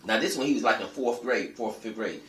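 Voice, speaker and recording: A man's voice: on the low side, brisk, a bit bright, reverberant, far from the mic, rough recording. A man telling stories and ranting to his viewers in a blunt, profane, emphatic way. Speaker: vlogger. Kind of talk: casual storytelling monologue.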